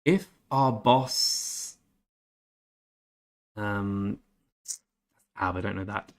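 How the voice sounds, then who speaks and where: A low-voiced, chatty man streams games and talks casually with his live audience. He picks up chat messages, reads them out, answers, and tries German with some hesitation.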